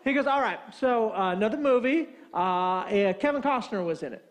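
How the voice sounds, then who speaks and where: A man's voice: sits high, lively intonation, brisk. A man preaching a sermon, telling a funny story and acting out both sides of a phone call. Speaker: pastor.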